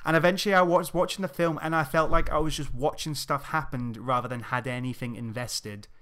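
A man in casual podcast chat, giving a measured and thoughtful opinion on a film. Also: a little high, steady tone, a bit bright. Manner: measured, thoughtful, hesitant restarts. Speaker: podcast co-host.

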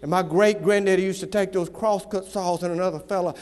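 A man from the American South preaching a fiery revival sermon in a folksy manner, swinging between shouts and hushed asides, in a church. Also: high-pitched, steady tone, a little fast. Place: church sanctuary. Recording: long reverb of a large hall.

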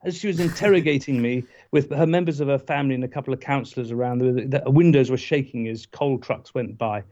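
A man's voice: mid-range voice, quick pace, a little mellow, dull audio. A man guest telling a digressive story in a casual podcast conversation, wry and self-aware.

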